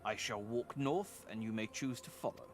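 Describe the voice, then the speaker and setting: A man voicing a solemn male game character in a slow, formal way. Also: fairly low pitch, natural voice. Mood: grave.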